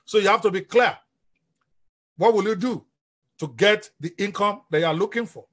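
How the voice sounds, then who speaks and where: Energetic coach, male, high husky voice, live-stream delivery. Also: moderate pace. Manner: energetic, preacher-like, asks the audience questions. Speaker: business coach.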